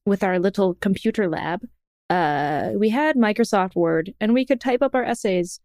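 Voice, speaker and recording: A woman's voice: medium pitch, normal speed, a little mellow, no room sound. Playful young woman with a dry, close sound. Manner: playful, teasing banter. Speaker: podcast co-host. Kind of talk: casual chat.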